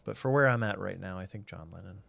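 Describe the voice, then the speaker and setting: A man's voice: sits low, quick pace, gravelly, a bit bright, slight background noise. A man streaming a game, chatting casually and thinking aloud while he answers chat.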